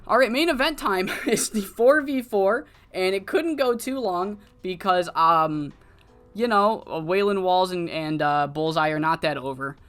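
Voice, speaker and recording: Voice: mid-range voice, unhurried, a bit bright, faint music behind. Rambling, swearing game diary narrator. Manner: rambling, profane, many fillers. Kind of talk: casual game commentary.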